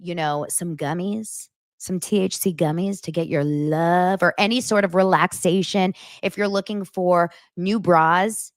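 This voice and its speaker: A woman hosting her own podcast, talking straight to her listeners in animated, casual commentary with lots of filler words. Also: lowish voice, dry recording, clean studio sound. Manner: animated, talks directly to listeners, many "like" fillers. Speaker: podcast host.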